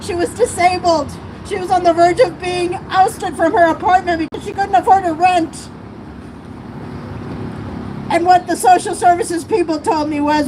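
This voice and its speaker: At an outdoor protest on a city street, a woman gives an impassioned, emotional rally speech in a very high, steady voice at a moderate pace, her voice breaking at times. It's recorded live by a streamer's camera mic among the crowd, with the crowd and passing traffic audible.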